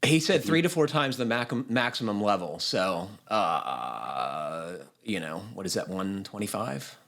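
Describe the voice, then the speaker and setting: A man's voice: fairly low pitch, lively intonation, a little slow, fairly bright tone. A man hosting a home-building podcast, chatting easily, laughing often and reading a listener's email aloud. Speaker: podcast host.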